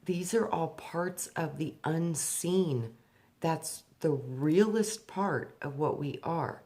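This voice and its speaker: Woman sharing a spiritual experience, kinda low voice, goes quiet and slow then gets lively telling the story. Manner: animated, rises sharply when acting out her younger self; slow and hushed on spiritual points. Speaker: spiritual speaker.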